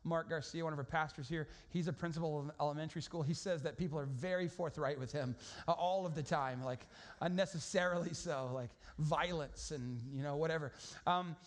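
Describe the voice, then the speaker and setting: Man, pastor, high voice, conversational sermon, storytelling, lots of restarts. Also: steady tone, fairly quick.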